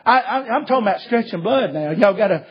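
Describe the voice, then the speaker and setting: A man preaching a sermon, telling stories fervently and rising to shouts. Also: sits high, lively intonation, fast, lo-fi sound. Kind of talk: sermon with storytelling.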